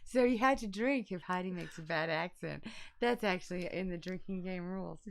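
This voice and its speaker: A woman's voice: lowish voice, moderate pace, gravelly, crowd noise. A woman in her fifties hosting a casual board game unboxing, joking bawdily and laughing often. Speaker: host.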